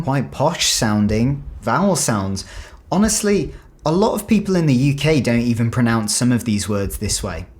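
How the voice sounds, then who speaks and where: An English man chats through a reaction video at an ordinary, middle pitch. He muses aloud in a relaxed, reflective way, turning his thoughts over as he talks. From England. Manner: chatty and reflective, musing aloud. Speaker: YouTube reaction host. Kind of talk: casual reaction commentary.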